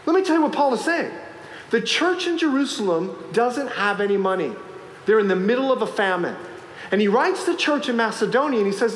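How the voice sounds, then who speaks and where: A man, a pastor preaching a sermon and telling a story with lively acted-out voices. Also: high voice, a little fast. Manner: animated storytelling, acting out voices in the anecdote. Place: church sanctuary. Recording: echoey hall, faint ambience.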